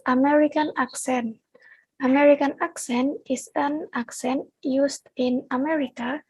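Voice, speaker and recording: A young Indonesian woman with an Indonesian accent reads a prepared class presentation aloud as a student, sticking to her script. Her voice is high-pitched and slightly mellow. The recording is low quality with no room sound.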